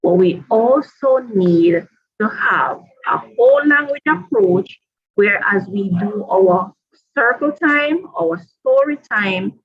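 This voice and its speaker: Woman teacher trainer talking to colleagues, real slow and deliberate, repeats stuff, kinda dull lo-fi sound. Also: medium pitch, expressive. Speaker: teacher trainer presenting a workshop. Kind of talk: professional development presentation.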